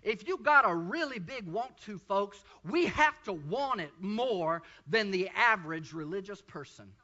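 Fervent male preacher, high piercing voice that rises into shouts, heard on a dull lo-fi recording. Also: lively intonation, a little slow. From Texas. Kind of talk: sermon.

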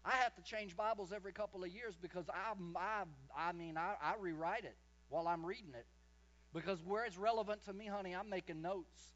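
Man, sermon, impassioned, drawn-out emphasis, fairly high voice, muffled recording. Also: a bit bright. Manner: impassioned, slows and swells for emphasis. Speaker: preacher.

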